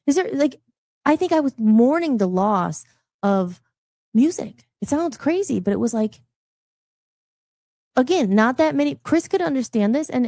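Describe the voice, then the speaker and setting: A woman musician on a radio show talks candidly and emotionally in a gravelly, somewhat high voice with a darkish tone, recorded dry with clean studio sound. She's passionate and rambling, often breaking off her own sentences.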